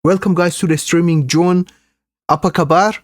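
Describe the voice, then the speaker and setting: A man's voice: high-pitched, fairly even intonation, normal speed, no echo, studio quality. A man hosting a live reaction stream, commenting earnestly and indignantly to his viewers.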